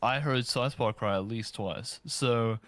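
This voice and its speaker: A man's voice: mid-range voice, unhurried, fairly bright tone, dry recording. A man co-hosting a casual online talk show, sarcastic and teasing as he argues points. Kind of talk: casual chat.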